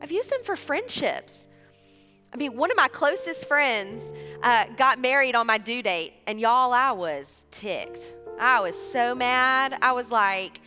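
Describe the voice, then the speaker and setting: A woman in her thirties preaches to a church, her voice bright and a touch high. She talks chattily and acts out short conversations. The sound rings through a large hall, with soft music behind. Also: measured pace. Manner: chatty, animated, acts out dialogue. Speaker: church speaker. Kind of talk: sermon.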